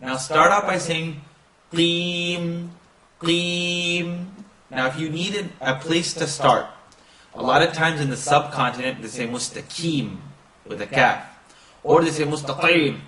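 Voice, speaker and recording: A man gives a recitation lesson, stretching syllables slowly and half-chanting each phrase. His voice sits a little high and comes from some distance in an echoey room. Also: sharp tone. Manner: slow drawn-out demonstration of sounds, chanting recitation. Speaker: recitation teacher. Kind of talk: pronunciation lesson.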